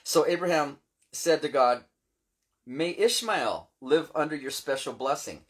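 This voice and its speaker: A man's voice: fairly high pitch, unhurried. A man, a pastor, talking through scripture in a casual chat, retelling it in everyday words and often checking in with "right?". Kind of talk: casual Bible teaching chat.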